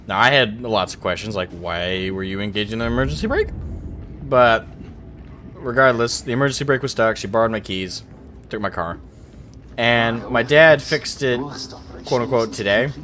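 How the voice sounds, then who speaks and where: A man hosting a casual voice chat while gaming, telling animated stories and swearing freely. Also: medium pitch, moderate pace. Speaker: streamer host.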